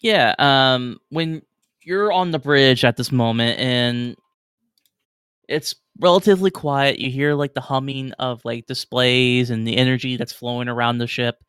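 A man's voice: mid-range voice, unhurried, fairly bright tone, clean tone, no room sound, clean studio sound. A man narrating as game master in a casual, filler-heavy way.

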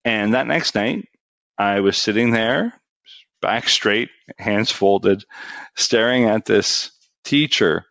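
A middle-aged man telling a personal story in a casual, animated way, his voice rising for the punchlines. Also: fairly low pitch, slow pace, gravelly, no room sound.

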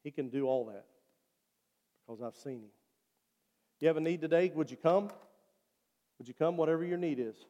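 A man's voice: on the high side, moderate pace, pauses often, dark tone. Earnest preaching man in a reverberant church. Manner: earnest preaching, repeating appeals. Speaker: pastor. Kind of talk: sermon and altar call. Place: church sanctuary.

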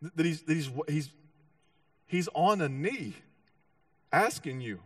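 A man preaching a sermon with animated storytelling, acting out voices and often restarting his sentences. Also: a little high, moderate pace, no room sound, distant mic. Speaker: pastor.

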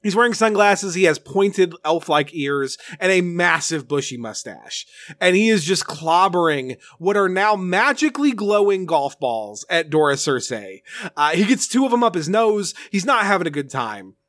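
A man's voice: sits high, big pitch swings, moderate pace, fairly bright tone, no echo, studio quality. A man co-hosting a podcast, giving a casual, sarcastic, profane recap of a TV episode and laughing often. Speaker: podcast co-host.

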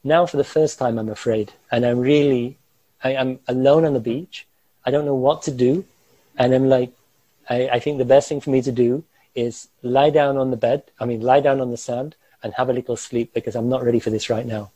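A man recounts a harrowing experience from his own life, animated and given to quick chuckles. His voice is mellow and a bit husky. The recording is dry and close, with no room sound. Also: mid-range voice, dry recording, poor audio. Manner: animated, gestures while talking, chuckles through tense moments. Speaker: guest recounting a personal ordeal. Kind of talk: vivid first-person storytelling.

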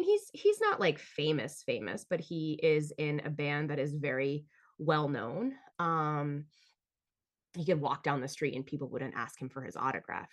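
A woman with a slightly low-pitched voice tells personal stories on her own podcast. She is blunt and swears freely. She keeps the talk animated and speaks straight to her listeners. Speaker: podcast host. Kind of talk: candid solo storytelling.

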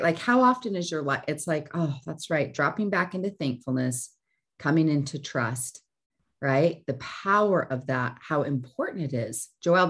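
A woman hosting a motivational talk, speaking earnestly and often checking in with "right?". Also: sits low. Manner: earnest, repeats phrases with "right?". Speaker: host. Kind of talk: motivational teaching chat.

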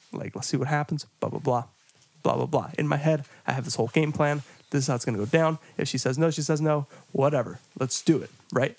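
A man's voice: medium pitch, darkish tone, dry recording. Profane man telling a story with laughter. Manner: profane, laughing storyteller who acts out his own lines. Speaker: podcast co-host. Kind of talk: casual storytelling chat.

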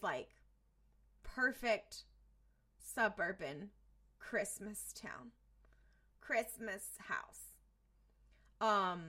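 A woman co-hosting a podcast, recapping an episode in casual chat, animated and sweary. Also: mid-range voice. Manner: animated retelling, swearing, many fillers. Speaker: podcast co-host.

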